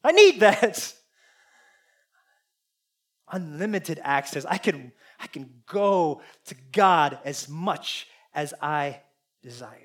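A man preaching a sermon, earnest and confessional, swinging between loud appeals and hushed asides. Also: fairly high pitch, big pitch swings, slow pace, long pauses. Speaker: pastor.

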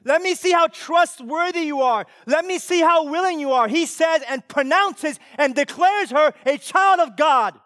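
A pastor preaching a sermon with emphatic delivery that swings from loud to hushed. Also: male voice, very high voice, a little slow, hardly any pauses, no room sound, studio quality.

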